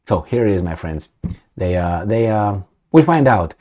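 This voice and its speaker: A man's voice: on the low side, expressive, moderate pace, a little mellow. A man in casual commentary, reading news aloud and joking sarcastically. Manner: sarcastic and joking, laughs often. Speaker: political commentary vlogger.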